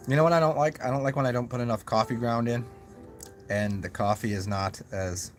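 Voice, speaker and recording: A young man talking in a casual, rambling monologue to his camera, musing aloud with many restarts and asides. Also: mid-range voice. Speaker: vlogger.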